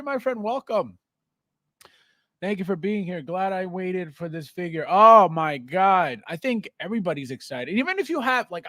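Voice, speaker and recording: Lively, high-voiced man hosting a livestream. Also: dry recording, studio quality. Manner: animated, greets viewers by name, laughs often. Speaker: livestream host. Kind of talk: casual livestream chat.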